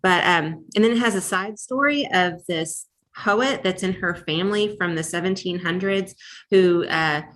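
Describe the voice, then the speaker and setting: A woman's voice: on the low side, normal speed, a bit bright. A woman co-hosting a casual library book podcast, chatting in a rambling way with lots of fillers and restarts.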